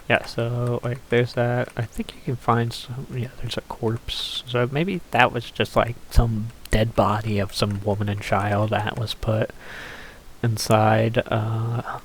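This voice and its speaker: A man's voice: mid-range voice, a little hiss or hum. A man giving casual, rambling commentary over a game he is playing, swearing offhandedly and using lots of fillers. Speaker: gameplay commentator.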